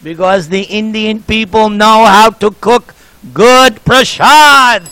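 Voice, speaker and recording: A man's voice: high voice, slow pace, a bit bright, smooth, rough recording. A man in his sixties giving a sermon, joking and telling anecdotes to the congregation. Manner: jovial, joking storyteller. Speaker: speaker at a temple program.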